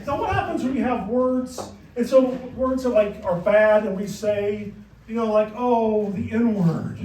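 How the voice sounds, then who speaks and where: A middle-aged man doing a punchy, deadpan stand-up comedy set in a comedy club. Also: high voice, a little slow. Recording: roomy club sound, mic far off, crowd. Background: audience laughter.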